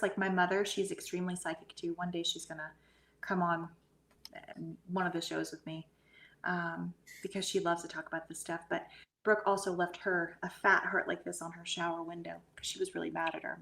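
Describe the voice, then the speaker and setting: Woman on a call, gushy and excited about energy, chatty. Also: fairly low pitch, a little fast, vocal fry. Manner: effusive, gushing about energy. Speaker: guest medium. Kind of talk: casual podcast chat.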